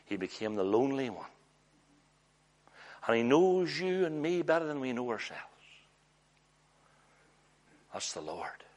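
A man preaching a sermon in an earnest, storytelling way, often letting his voice drop low and hushed. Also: big pitch swings, moderate pace.

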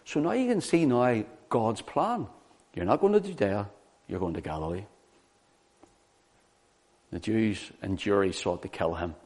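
A man preaching a sermon, teaching from the Bible in an animated way and often asking the listeners rhetorical questions. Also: lowish voice, unhurried, pauses often.

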